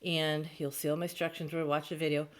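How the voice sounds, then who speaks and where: A woman teacher recording a remote lesson for her young pupils from home, speaking into her laptop mic. Her voice sits a little low, and she goes slowly and patiently, walking through each step. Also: flat delivery. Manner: slow, patient, explaining step by step. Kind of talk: remote class lesson for children. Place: home, near the dining room.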